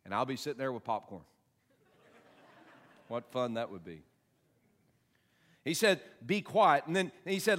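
A man preaching a sermon, moving between quiet asides and loud, emphatic passages, and reading scripture aloud slowly with heavy stress. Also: medium pitch, sing-song. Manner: reads scripture aloud with slow, stressed delivery. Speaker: pastor.

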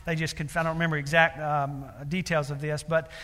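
A man's voice: fairly high pitch, little pitch movement, a little fast, fairly bright tone. A man preaching a sermon, telling a story earnestly with many fillers and building to emphatic appeals. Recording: long reverb of a large hall.

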